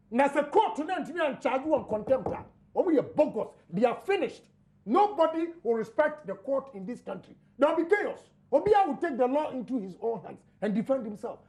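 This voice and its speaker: A man with a Ghanaian accent arguing forcefully in a heated political panel debate, switching between English and Twi. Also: extremely high pitch.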